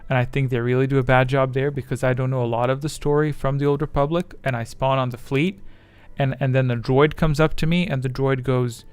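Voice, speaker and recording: A man's voice: mid-range voice, level tone, a little fast, darkish tone, clean tone, no room sound. A man chatting casually on his livestream, rambling and self-deprecating as his thoughts wander. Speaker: streamer.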